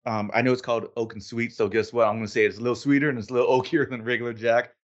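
A man hosting a casual podcast, relaxed and self-deprecating, laughing easily as he chats. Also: mid-range voice, rapid-fire, highs cut off. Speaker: podcast host. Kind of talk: casual chat.

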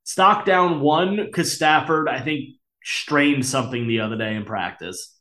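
A man co-hosting a casual sports podcast, rambling and teasing his partner with deadpan insults and frequent laughs. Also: medium pitch, measured pace. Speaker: podcast co-host. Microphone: camera-facing podcast mic.

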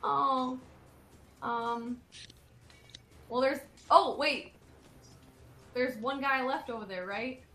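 A woman with a somewhat high voice chats casually as a player in a tabletop game, bubbly as she walks through her character's actions. She sounds like she is in an echoey room, with faint music behind her. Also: extremely slow, long pauses, bright, forceful tone.

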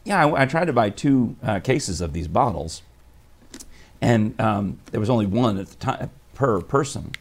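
A man's voice: on the low side, lively intonation, normal speed. A man with a scratchy throat from allergies, co-hosting a casual radio chat, rambling and laughing often. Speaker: radio show co-host. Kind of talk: casual morning-show chat.

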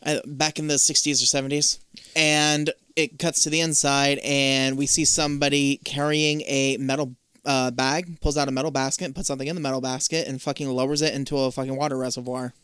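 A man's voice: medium pitch, level tone, brisk, a bit bright, clean tone, no room sound. A man co-hosting a podcast, casually recapping a show's scenes and swearing along the way. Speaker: podcast co-host.

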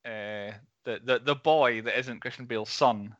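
A man's voice: medium pitch, moderate pace, fairly bright tone, dry recording, muffled recording. A man co-hosting a casual film review podcast, rambling and laughing between points. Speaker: podcast co-host.

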